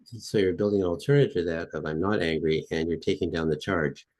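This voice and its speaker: A man's voice: low voice, brisk, a little mellow. A man guest on a podcast interview, explaining and demonstrating a technique with repeated phrases. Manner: repetitive, demonstrative, chanting phrases with rising intensity. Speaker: guest expert.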